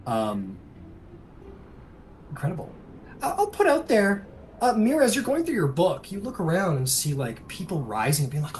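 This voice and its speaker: A man narrating a tabletop game as game master, soft-spoken and rambling with many fillers. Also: sits high, wildly swooping pitch, moderate pace, pauses often, slight background noise.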